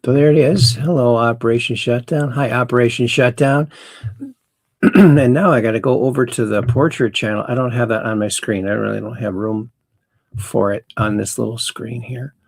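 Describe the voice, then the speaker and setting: A man's voice: mid-range voice, fairly even intonation, moderate pace, vocal fry, no room sound. A man hosting a casual call-in livestream, chatty and rambling as he reads viewer messages aloud. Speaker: host.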